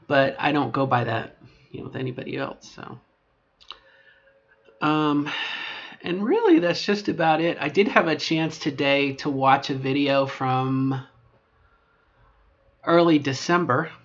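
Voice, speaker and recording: A middle-aged trans woman talking in a casual video diary, rambling with many fillers and restarts, moving between a lower voice and an upper register. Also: unhurried, pauses often, highs cut off. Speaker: vlogger.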